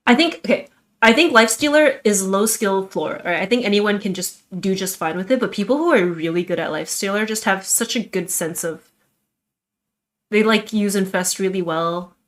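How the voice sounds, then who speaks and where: A woman's voice: medium pitch, normal speed. Chatty young woman streaming. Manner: chatty, rambling, self-deprecating. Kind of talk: casual stream chat.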